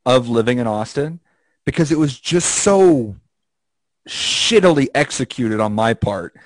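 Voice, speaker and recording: A man's voice: a little slow, no echo. A man co-hosting a podcast in casual chat, telling stories and acting out the quotes with big swings in his voice. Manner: animated storyteller, acts out quotes with jumps in pitch. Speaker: podcast co-host.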